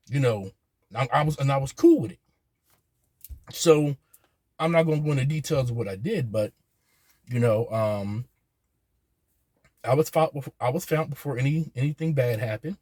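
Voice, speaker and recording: A man, speaking earnestly in a halting personal monologue, often repeating his words. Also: a little high, sing-song, a little mellow, breathy edge, no room sound. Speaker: vlogger.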